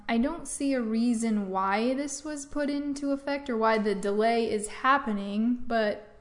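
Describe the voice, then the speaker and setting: A woman co-hosting a farm news talk show, reading news stories casually with fillers like um and like. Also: a little high.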